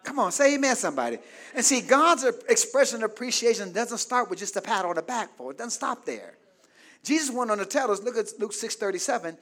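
A man pastor a sermon with call-and-response, swinging from loud exclaims to soft asides. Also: sits high, animated, brisk.

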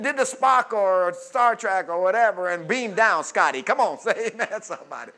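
A man preaching a sermon, reading scripture and breaking into loud call-and-response asides. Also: high voice, expressive, normal speed, hardly any pauses.

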